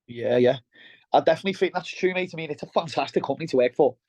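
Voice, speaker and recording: This interview guest, a middle-aged Merseysider who went from welding to running operations, talks very fast in a darkish, highish voice with no echo. He's blunt and plain-spoken about his work and keeps calling the host "mate," captured in dull lo-fi sound.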